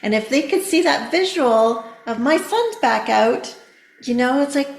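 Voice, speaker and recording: Woman, middle-aged, podcast guest, gentle explaining, slightly high voice, roomy echo. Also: animated, measured pace, vocal fry. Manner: gentle, explaining with many "you know" fillers. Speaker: podcast guest, therapeutic coach. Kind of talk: casual podcast conversation.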